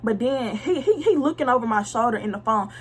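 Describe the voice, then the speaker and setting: A young woman blunt, slangy and animated as she tells viewers a personal story in a casual storytime vlog. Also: on the high side, fairly quick. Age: young adult. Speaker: vlogger telling a story.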